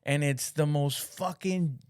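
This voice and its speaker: A man co-hosting a casual comedy podcast, telling a story in a halting, rambling way. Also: on the high side, a little mellow, smooth, no echo, clean studio sound. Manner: halting, rambling recollection with restarts. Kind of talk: casual chat.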